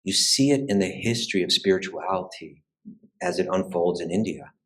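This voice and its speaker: A spiritual teacher with a low, slightly bright voice gives a conversational lecture on the history of spirituality at a normal pace. He speaks thoughtfully, often restarting and repeating words, and leans on "you know" and "right." The recording is rough.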